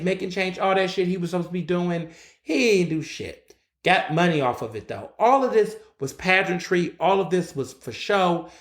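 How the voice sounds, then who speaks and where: In an echoey room in Philadelphia, a man with a slightly high voice runs his own solo podcast. His rant is blunt and loaded with profanity.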